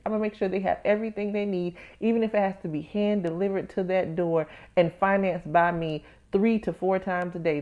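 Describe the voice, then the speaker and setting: Candid, animated woman podcast host. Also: fairly low pitch, dull audio. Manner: candid, animated storytelling with acted-out inner voices; addresses listeners as "baby" and "y'all". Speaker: podcast host, tax professional. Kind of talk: casual personal podcast talk.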